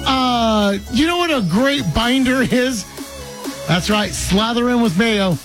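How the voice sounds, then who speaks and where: A man's voice: very high voice, slow pace, over music. A man hosting a sports radio show, joking and laughing with his co-hosts in casual banter. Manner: joking, playful, laughs often.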